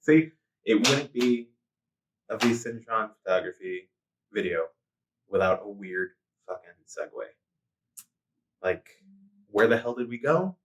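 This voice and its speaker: Jokey man with a lively voice. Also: lowish voice, measured pace, pauses often. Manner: jokey, scattered, swears casually. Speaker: interviewer, photographer host. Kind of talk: casual chat. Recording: echoey room.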